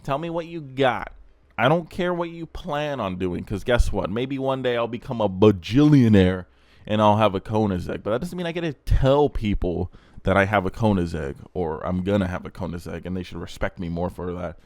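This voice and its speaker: A man's voice: lowish voice, animated, moderate pace, a little mellow, no room sound. A young man hosting a car channel, giving blunt, crude, rambling casual commentary.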